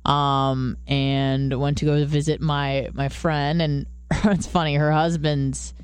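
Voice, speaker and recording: A woman co-hosting a podcast, telling stories in casual chat, swearing freely and jumping into high quoted voices. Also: little pitch movement, slow pace, clear, resonant tone. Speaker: podcast co-host.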